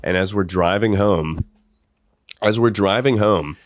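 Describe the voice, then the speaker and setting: A young man with a somewhat low voice tells a funny story on his podcast. He rambles and laughs as he talks, recorded close up on a dry mic. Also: measured pace, no echo. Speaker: podcast host. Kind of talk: comedic storytelling.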